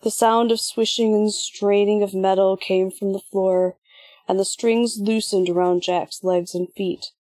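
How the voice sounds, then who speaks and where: A woman reading an audiobook in measured, even scripted narration. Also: medium pitch, dry recording.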